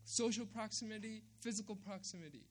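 A man's voice: high-pitched, a little fast. A man preaching a sermon, emphatic, repeating key phrases and checking in with "right?". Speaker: pastor.

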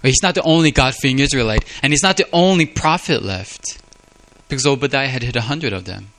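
A man's voice: mid-range voice, fairly quick, a bit bright. A man preaching a sermon in an earnest, confessional way, often repeating words as he speaks. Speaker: pastor.

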